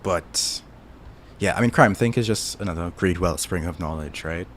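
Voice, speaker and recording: Speaking at a moderate pace with a deep, slightly bright voice, a Trinidadian man chats loosely with his stream audience, full of fillers as he thinks aloud over faint background noise.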